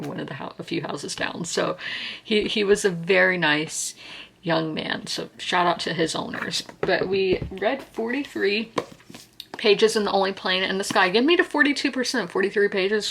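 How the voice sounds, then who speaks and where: A woman in her twenties from South Carolina talks through her reading in a casual book vlog. Her voice sits a little low and is full of vocal fry. She rambles warmly, with frequent fillers and restarts. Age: 20s. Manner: chatty, rambling, heartfelt, many fillers and restarts. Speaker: book vlogger.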